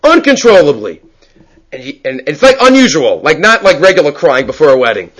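A man teaching a Talmud class, reading Hebrew and Aramaic passages aloud and explaining them in English with animated storytelling. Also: a little high, fairly quick, rough recording. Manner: animated storyteller, many restarts.

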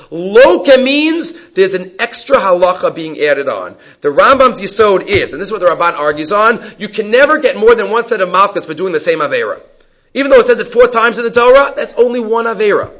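A man with a fairly high voice teaches a lesson on Jewish law. He reads Hebrew source passages and then explains them emphatically in plain English. The recording sounds dull and lo-fi. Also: a bit bright. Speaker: Torah teacher.

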